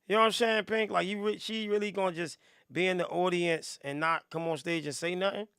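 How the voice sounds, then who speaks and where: A man's voice: sits high, fairly even intonation, fairly quick, a bit bright, smooth, dry recording, studio quality. A man hosting a live music review stream, reacting with hyped, joking commentary and talking straight to his chat. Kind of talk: casual livestream commentary.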